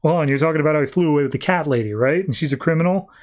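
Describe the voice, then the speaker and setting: A man's voice: a little high, racing, natural voice. A man voicing a smug male vigilante in a comic recap, evasive and muttering.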